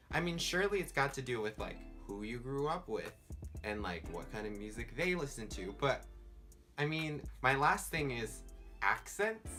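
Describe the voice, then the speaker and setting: A man's voice: medium pitch, sing-song, moderate pace, bright, forceful tone. A young man with a Southern California accent, rambling casually in a vlog and filling his talk with "like.". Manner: rambling, lots of "like" fillers. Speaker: vlogger. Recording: faint background music.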